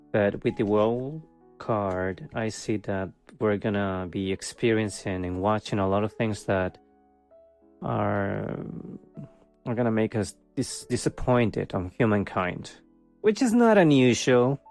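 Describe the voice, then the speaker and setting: A man's voice: on the low side, darkish tone. A man giving a casual tarot reading for the month, rambling with many fillers, chuckling often and joking with wry sarcasm. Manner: wry, self-mocking sarcasm. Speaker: tarot reader.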